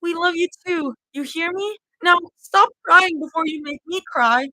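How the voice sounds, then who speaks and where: A woman voicing an excitable young woman who teases loudly and then soothes a crying friend. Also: moderate pace, no echo, rough recording. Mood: soothing. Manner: loud, squeaky bickering.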